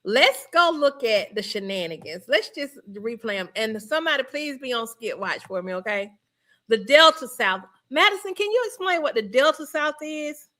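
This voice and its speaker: A woman from Georgia with a Southern accent hosts a casual livestream. Her voice is bright and sits a little high. She talks in a chatty, easygoing way, laughing often as she reads out viewer comments. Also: very animated, moderate pace. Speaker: livestream host.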